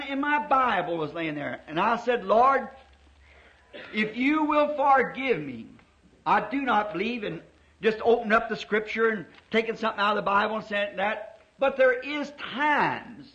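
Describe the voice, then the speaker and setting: A middle-aged man preaching a sermon, telling a story fervently and dramatically, slowing down to stress key words. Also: high voice, fairly bright tone. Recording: dull lo-fi old sermon tape.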